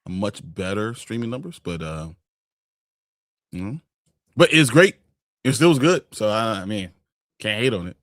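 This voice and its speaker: A man with a low voice co-hosts a relaxed podcast conversation, chatty and quick to chime in or laugh. His voice is recorded dry and close. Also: dry recording. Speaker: podcast co-host. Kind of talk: casual chat.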